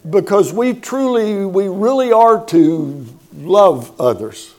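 A man's voice: sits high, animated, slow, darkish tone. A man preaching a sermon, emphatic and repeating words for stress, asking the congregation questions.

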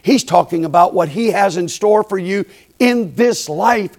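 A man's voice: high voice, a little slow. Folksy preacher man telling a story. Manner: folksy, humorous, swings from quiet asides to loud preaching. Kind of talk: storytelling sermon.

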